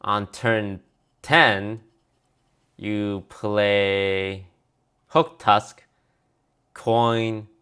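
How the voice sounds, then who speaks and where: A man's voice: fairly low pitch, flat delivery, very slow, pauses often, sharp tone, clean tone. A man streaming a card review in casual commentary, reading card text aloud and answering viewers offhandedly.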